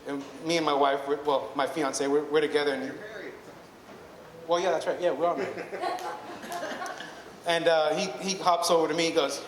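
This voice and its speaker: Chatty man telling a story in an echoey hall. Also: fairly high pitch. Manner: rambling, self-correcting, chatty. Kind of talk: live storytelling to an audience. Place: hall at a live storytelling evening. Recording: echoey hall with long reverb, faint noise.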